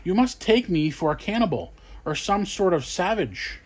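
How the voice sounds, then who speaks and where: A desperate talking carp who was once a rich master, begging for his life in a high, strained voice, as a man puts it on in a storybook reading. He pleads and wails with growing panic. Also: sing-song, normal speed. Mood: indignant.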